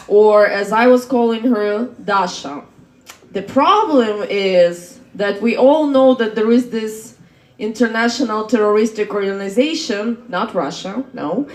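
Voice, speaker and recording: Teasing woman hosting stand-up, echoey room. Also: on the high side. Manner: teasing, chatty, laughs between jokes. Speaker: comedy host. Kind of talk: stand-up and crowd work. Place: comedy venue, roomy.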